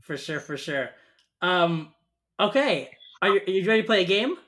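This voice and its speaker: Bright-voiced, upbeat man hosting a podcast. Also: high voice, expressive, normal speed. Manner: warm, easily moved, upbeat. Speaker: podcast host. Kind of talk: casual podcast chat.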